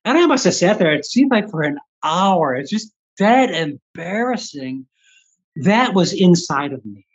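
A man's voice: a little high, breathy edge, lo-fi sound. An older man from the Midwestern United States, candidly telling a story as an interview guest and acting out his own past thoughts. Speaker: guest, Reiki teacher.

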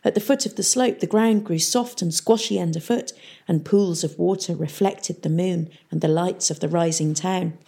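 A woman narrating an audiobook in a steady storytelling manner. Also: fairly low pitch, moderate pace, vocal fry, slightly rough. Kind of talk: audiobook reading.

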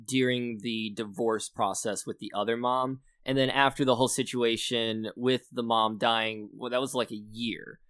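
A man's voice: mid-range voice, little pitch movement, moderate pace, few pauses, a bit bright, clear, resonant tone, dry recording, clean studio sound. A man co-hosting a casual film discussion, recapping the plot conversationally. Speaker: podcast co-host.

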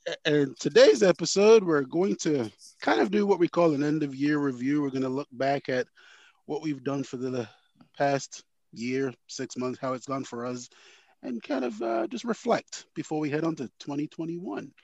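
A man's voice: on the high side, animated, moderate pace, vocal fry, a little mellow, dry recording, dull audio. A man hosting a podcast, upbeat, with hesitant fillers in casual chat. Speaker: podcast host.

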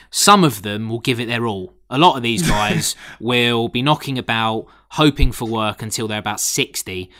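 A man co-hosting a casual chat, joking and acting out quotes with lively swearing. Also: mid-range voice. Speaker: podcast co-host.

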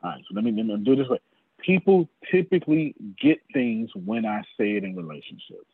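Brief: man, husky, preacher-style sales trainer, wildly swinging pitch, tinny video call audio. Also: sing-song, brisk, no room sound. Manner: fiery, talks straight to listeners by name, swears. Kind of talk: animated preacher-like teaching.

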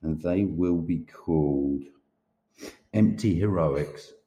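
A man's voice: low voice, slow, dark tone, roomy sound. A man who is an author talking casually on a podcast, rambling, swearing and laughing often. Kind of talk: casual chat.

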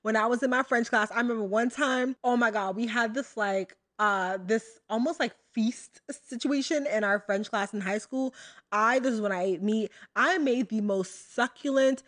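A woman's voice: a little high, moderate pace, a bit bright. Bubbly chatty young American woman. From United States. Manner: chatty, bubbly, lots of fillers and asides to listeners. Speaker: podcast host. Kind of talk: casual solo podcast talk.

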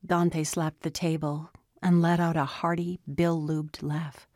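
A woman reading a novel aloud as narrator, slow and measured. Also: deep voice, level tone, a little mellow, dry recording, studio quality. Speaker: audiobook narrator. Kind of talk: scripted narration.

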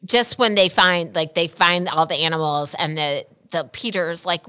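A woman co-hosting a podcast in casual chat, rambling and animated, laughing often. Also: fairly low pitch, moderate pace, clear, resonant tone. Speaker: podcast co-host.

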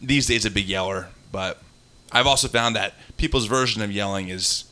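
A man's voice: lowish voice, moderate pace. A man hosting a casual podcast chat, joking and telling stories. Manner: joking, animated storyteller. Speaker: podcast host.

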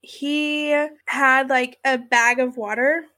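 A woman's voice: sits high, fairly even intonation, slow, sharp tone. A young woman recounting a personal ordeal in a conversational way, full of "like" and "you know". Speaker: interviewee recounting her experience. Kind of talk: emotional personal storytelling.

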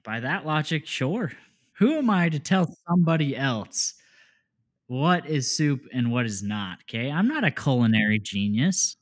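A man's voice: mid-range voice, a little slow. A young man co-hosting a podcast in casual chat, laughing often and joking around. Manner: laughs often, jokey and relaxed. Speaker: podcast co-host.

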